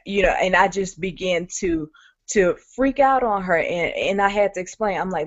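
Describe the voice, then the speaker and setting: A woman's voice: mid-range voice, moderate pace, dry recording. A woman sharing a personal story candidly on a webinar, talking conversationally with many fillers. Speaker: guest speaker. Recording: muffled lo-fi audio.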